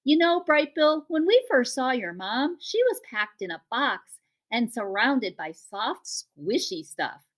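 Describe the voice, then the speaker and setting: A woman's voice: on the high side, very animated, slow pace, pitched above the performer's own voice, heavily acted. A woman voicing a friendly, chatty female otter who talks casually.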